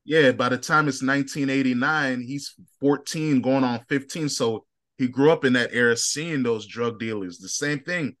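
A man in his thirties from Chicago, co-hosting a casual podcast chat, slangy and quick to laugh as he tells stories. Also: mid-range voice. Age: 30s. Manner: laughs often, slangy and animated storytelling. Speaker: podcast co-host.

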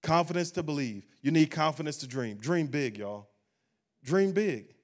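A man's voice: on the high side, animated, moderate pace, darkish tone. A man, a pastor preaching a sermon at a church service and closing in a rising, fervent prayer.

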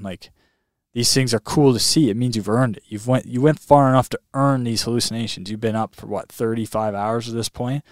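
A man, a podcast guest, telling a story in a casual, animated way, full of "like" and "man". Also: mid-range voice, brisk, no echo, clean studio sound. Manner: animated, heavy on fillers like "like" and "man". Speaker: guest recounting a long lake swim.

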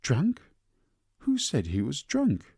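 A man's voice: medium pitch, very animated, a little slow, gravelly, darkish tone, breathy edge, no echo, clean studio sound, voice pushed up, full character voice. A man voicing a sensitive young woman who pleads in a raised, upset voice. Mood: pleading.

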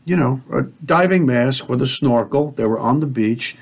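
A man's voice: mid-range voice, normal speed, vocal fry. A man hosting a talk show, ranting in a fiery, preachy way and swearing as he speaks straight to his listeners. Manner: fiery, profane, preachy, addresses listeners directly. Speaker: podcast host. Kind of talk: heated conspiracy talk show rant.

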